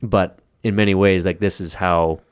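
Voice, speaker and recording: A man's voice: deep voice, fairly even intonation, moderate pace, clear, resonant tone, no echo, studio quality. A man co-hosting a podcast in casual chat, cursing freely and talking at length. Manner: profane, talks at length. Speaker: podcast co-host.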